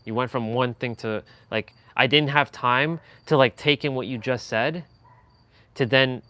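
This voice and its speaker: Unhurried and pushed-bright, this mid-range male voice belongs to a live stream host casually coaching a viewer on their speaking. He talks loosely, with lots of fillers and restarts, moving his voice up and down to show examples.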